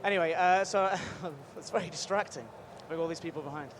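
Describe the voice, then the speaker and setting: A man hosting a live stream from a busy convention booth, chatty and energetic, rambling with quick restarts. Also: fairly high pitch. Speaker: livestream host at a game convention booth. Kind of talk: upbeat live event hosting. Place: busy convention show floor. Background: faint crowd noise.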